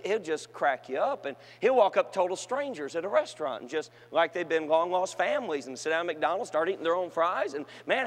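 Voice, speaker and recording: A man preaching to young people, telling funny stories and swinging from shouted peaks to quiet asides. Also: fairly high pitch. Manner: humorous storytelling with shouted climaxes and quiet asides. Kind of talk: sermon to a youth gathering. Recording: long hall reverb.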